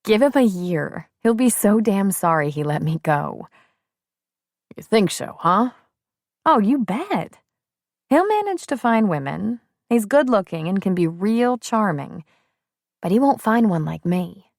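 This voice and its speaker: A woman's voice: mid-range voice, sing-song, measured pace, darkish tone, no echo, studio quality, pitched above the performer's own voice. A woman voicing a determined, spirited young niece who speaks firmly and emphatically. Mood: sassy. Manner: firm, upbeat and emphatic.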